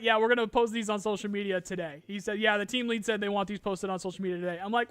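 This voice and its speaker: A man's voice: high-pitched, fairly even intonation, very fast, hardly any pauses, fairly bright tone, smooth, no echo. A young adult man hosting a gaming podcast in casual chat, ranting with lots of swearing and restarts.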